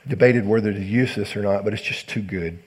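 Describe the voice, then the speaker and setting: A male pastor preaching a sermon in earnest, rising to loud emphasis and dropping to hushed low lines. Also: a little fast, husky.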